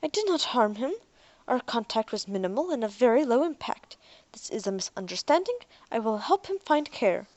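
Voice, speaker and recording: A woman voicing a literal-minded male robot who answers in slow, measured statements. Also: on the high side, very animated, a little mellow, dry recording, highs cut off. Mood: calm.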